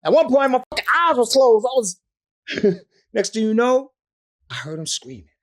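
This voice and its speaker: A man's voice: very high voice, very animated, moderate pace, a little hiss or hum. A man, a rapper telling stories in an interview, profane and laughing often. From the Bronx, New York. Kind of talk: animated storytelling in an interview.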